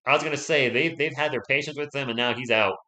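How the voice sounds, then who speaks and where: A man hosting a live stream, giving casual play-by-play commentary, chatty and excitable, and talking straight to his viewers. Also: mid-range voice, fast talker. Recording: echoey room.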